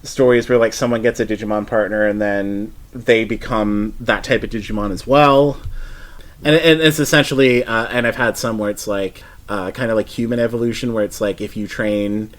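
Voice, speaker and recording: A man's voice: on the low side, steady tone, moderate pace. A man in his thirties, a podcast guest, chatting casually and rambling with frequent restarts and asides. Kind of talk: casual chat.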